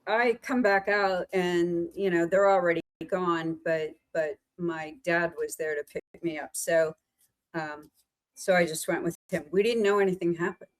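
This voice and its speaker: A woman podcast host from central Pennsylvania, telling a story in a chatty, meandering, animated way over a remote call. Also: fairly low pitch, a little slow, low-quality recording. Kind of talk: casual storytelling chat.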